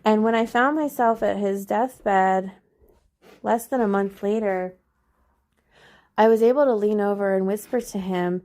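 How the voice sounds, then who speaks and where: A young woman hosting a podcast, telling a personal story in a casual way with many "like"s, slowing to a soft, soothing tone at times. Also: mid-range voice. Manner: soft, slow and soothing when recalling what she told him. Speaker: podcast host.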